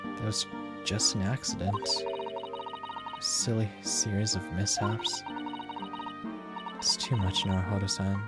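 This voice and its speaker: A gentle, grieving young assistant, as a man reads her lines, speaking softly and slowly in a low register. Game music runs behind. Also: little pitch movement. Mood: sorrowful.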